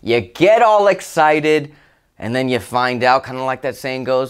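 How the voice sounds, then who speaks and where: A man who works as a life coach, telling a personal story to camera in a casual, motivational way, expressive and excitable, with loud exclamations. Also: mid-range voice, a little slow, clean tone. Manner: expressive and excitable, with exclamations and big swings in loudness.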